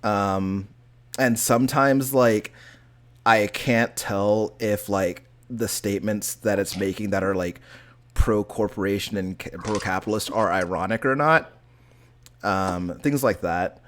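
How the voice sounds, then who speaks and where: Low-voiced man rambling about games. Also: a little slow, fairly bright tone. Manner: rambling, heavy use of filler words. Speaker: podcast co-host. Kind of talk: casual chat about video games.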